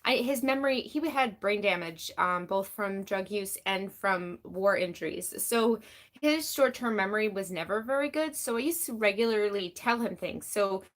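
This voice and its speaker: A woman's voice: medium pitch, lively intonation, normal speed, a bit bright. Candid rambling woman live streamer. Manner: candid, rambling, heavy use of "like"; reads and answers chat comments. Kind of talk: casual live-stream talk.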